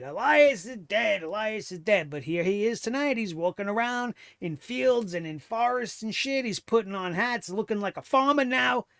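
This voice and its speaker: Sarcastic high-voiced man reviewing wrestling. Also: a bit bright, no echo. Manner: sarcastic, exasperated, swears freely. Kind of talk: casual commentary review.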